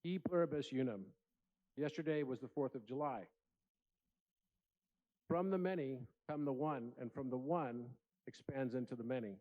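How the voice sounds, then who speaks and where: A man's voice: mid-range voice, moderate pace, pauses often, highs cut off. A man giving an earnest, inspirational keynote speech at a conference, telling stories in a large room. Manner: earnest, storytelling with acted voices. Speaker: conference speaker.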